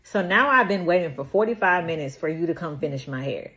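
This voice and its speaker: Young woman, low-pitched, casual storytime, punchy and repetitive delivery. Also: animated, a little fast, a bit bright, highs cut off. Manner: emphatic, repetitive recounting.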